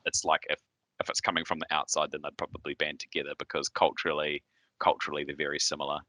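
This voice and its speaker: A man's voice: extremely low pitch, completely flat delivery, quick pace, sharp tone, no echo. A man with a Southern New Zealand accent, hosting a podcast in casual chat, hesitant, with many fillers and restarts. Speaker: podcast host.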